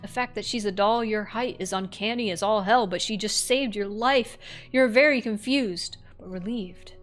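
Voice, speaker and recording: A woman's voice: medium pitch, normal speed, soft background music. A woman streamer reading a horror text game aloud, breaking off for wry, offhand comments.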